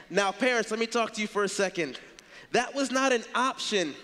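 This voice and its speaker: Pastor guy preaching, pretty high voice, earnest and punchy, church hall echo. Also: expressive, fairly quick, sharp tone. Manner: earnest, emphatic, conversational. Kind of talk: sermon. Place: church sanctuary.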